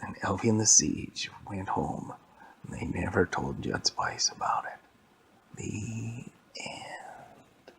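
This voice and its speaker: A man improvising a story for a child, animated and dropping into whispers for suspense. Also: low-pitched, unhurried, creaky, slight background noise.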